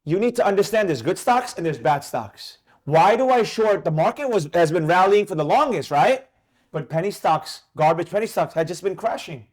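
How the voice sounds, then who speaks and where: Male trading teacher, high voice, animated and emphatic, fires questions at students. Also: moderate pace. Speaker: trading instructor. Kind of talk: live trading class discussion.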